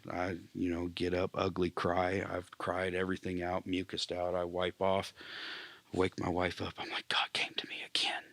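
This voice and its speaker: A man, a military veteran, telling an emotional personal testimony, often dropping to a hushed near-whisper and clearing his throat. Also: low voice, completely flat delivery, normal speed, no room sound.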